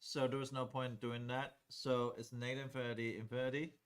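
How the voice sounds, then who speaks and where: A man lecturing a calculus class in a relaxed, conversational way. He talks through each step at the board and keeps stopping to ask students whether it makes sense. His voice sits at an ordinary middle pitch. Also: a little fast, clean tone. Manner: conversational, checks in with students often. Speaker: calculus teacher.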